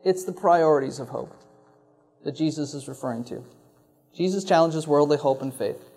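Pastor, male, fairly high voice; earnest, reflective sermon with emphatic repeats. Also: normal speed, a little mellow.

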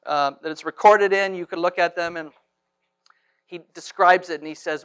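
A man preaching a sermon in church, swinging from hushed to loud and asking rhetorical questions. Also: high voice, steady tone, normal speed, clear, resonant tone. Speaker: pastor.

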